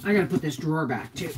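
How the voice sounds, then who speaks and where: A woman's voice: low-pitched, gravelly, heavy background noise. A woman hosting a live stream from home, chatting with viewers in a chatty, teasing way and answering their comments. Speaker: homestead channel host.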